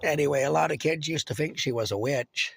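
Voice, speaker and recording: A man's voice: on the high side, brisk, vocal fry, slightly rough. A man casually reminiscing about his childhood hometown, rambling with fillers, restarts and chuckles. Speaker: storyteller.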